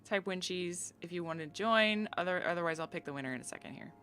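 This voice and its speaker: A woman's voice: fairly low pitch, fast talker. An American woman streaming live, chatting casually with viewers in a giggly, filler-heavy way.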